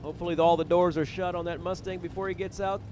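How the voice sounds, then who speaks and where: A man's voice: high voice, level tone, fast talker, heavy background noise. A man calling drag races live as announcer, rattling off names, towns and times with a jokey, self-deprecating manner. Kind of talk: live race commentary. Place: drag strip. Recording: loud race cars behind the voice.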